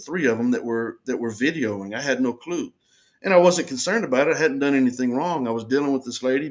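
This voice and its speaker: A man tells his side of a run-in with earnest insistence. He circles back and repeats himself to drive each point home. His voice sits at an ordinary, middle pitch for a man. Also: fairly bright tone. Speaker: person recounting an incident. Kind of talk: first-person storytelling.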